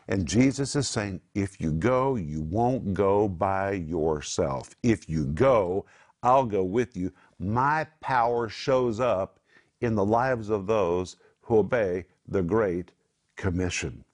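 A man's voice: fairly low pitch, takes it slowly, a little mellow. A man co-hosting a Christian program, teaching from the Bible in an emphatic preaching cadence.

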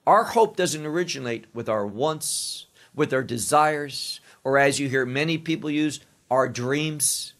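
A man preaching a sermon, teaching slowly through a psalm and dwelling emphatically on each quoted verse. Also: a little high, expressive, fairly bright tone.

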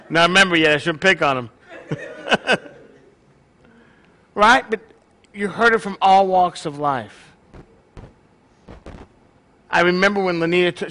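Bright high-voiced male pastor. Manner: joking, conversational preaching. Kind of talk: sermon.

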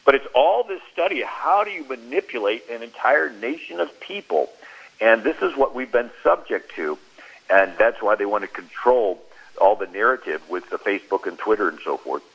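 A man giving a Christian talk on a radio show, telling stories in an animated way and acting out the quoted lines. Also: medium pitch, normal speed, creaky, husky, poor audio. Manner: animated storyteller who acts out quoted speech. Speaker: Christian speaker.

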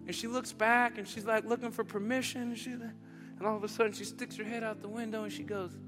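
A man preaching a sermon in a church, storytelling with big swings from loud excitement to soft, hushed moments. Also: sits high, brisk, over music. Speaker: pastor.

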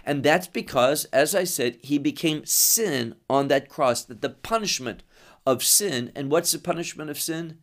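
A man teaching through scripture verse by verse, explaining each phrase in a measured way and pausing between short phrases. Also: a little high. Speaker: Bible teacher.

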